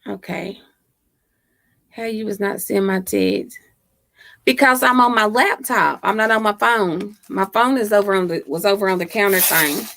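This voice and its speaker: A woman hosts a casual livestream from home and talks straight into her laptop microphone. Her voice has a gravelly fry and an easy, unhurried pace, and the sound is close and dry. She chats, teases and laughs a lot with her viewers. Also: mid-range voice, a bit bright, dry recording. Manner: laughs often, chatty and teasing. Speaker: livestream host. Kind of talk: casual live chat with viewers.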